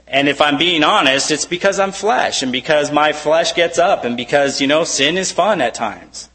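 Bright-voiced man preaching conversationally. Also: on the high side, normal speed, few pauses, rough recording. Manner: conversational, fillers like "you know", rhetorical questions. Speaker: pastor. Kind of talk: sermon.

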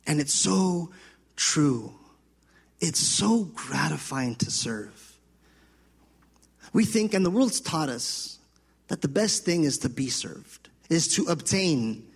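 Male pastor, high husky voice, animated sermon delivery, echoing hall. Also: takes it slowly, pauses often. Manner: animated preaching, acts out voices of children and God.

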